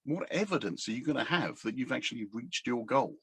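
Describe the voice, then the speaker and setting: A man's voice: medium pitch, lively intonation, a little fast, breathy edge, dry recording. A middle-aged man, a coach, talking casually to a camera on his table, rambling and hesitant with many fillers. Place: indoors at a table. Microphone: camera standing on the table.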